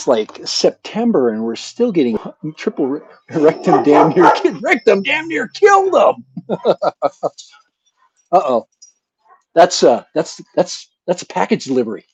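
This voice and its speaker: Male channel host, loose joking chat, a bit high, very dry and close. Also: a little mellow, slightly rough, no echo. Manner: rambling, joking, chuckling. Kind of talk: casual live chat. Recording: dull lo-fi sound.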